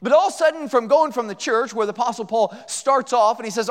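A man with a strikingly high voice preaches to a church congregation. His delivery is folksy and conversational, full of jokes and asides. His words ring out with a long reverb in a big hall. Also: animated, fast talker, few pauses. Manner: folksy, joking, conversational with rhetorical questions. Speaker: guest preacher. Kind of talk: sermon. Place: church sanctuary.

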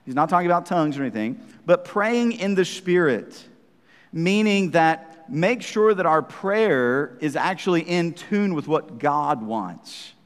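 Male pastor, sermon, conversational "right?" asides, animated swooping voice, reverberant church hall. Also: fairly high pitch, a little slow.

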